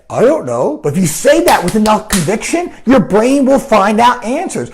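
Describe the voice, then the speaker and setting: A man's voice: sits high, normal speed, creaky, few pauses, slight background noise. A man giving a casual coaching talk and answering viewer comments, often tagging his points with "right?". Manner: animated, keeps asking "right?", acts out quoted voices. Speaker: life coach.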